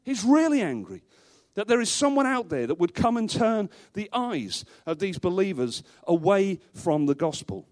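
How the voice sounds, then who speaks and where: A man with a high, light voice preaches a sermon from the pulpit. He is emphatic, hammering home his points with repeated rhetorical questions and the odd dry joke. He speaks to a congregation gathered in a church. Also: animated, normal speed, few pauses. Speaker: pastor.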